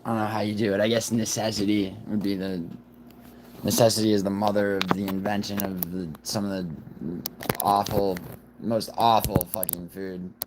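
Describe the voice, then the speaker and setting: A man who is sick, with a raspy voice, chatting casually on a livestream in a rambling, profane way. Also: on the low side, little pitch movement, normal speed, noisy background. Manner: rambling, profane, restarts often. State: sick, rough voice. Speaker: livestream host.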